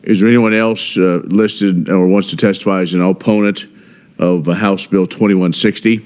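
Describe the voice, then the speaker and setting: A deep-voiced man runs a committee hearing in a legislative room, moving through procedure in a halting way with frequent pauses. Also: fairly even intonation, darkish tone. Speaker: committee chairman. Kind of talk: chairing a hearing.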